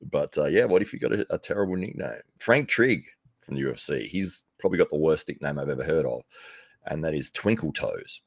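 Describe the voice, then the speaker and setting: Deep-voiced Australian guy chatting live. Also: lively intonation, fairly quick, creaky, breathy edge, dry recording, clean studio sound. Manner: rambling, laughs often, self-correcting. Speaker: livestream commentary host. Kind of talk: casual chat to live viewers. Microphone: desk microphone, no headphones.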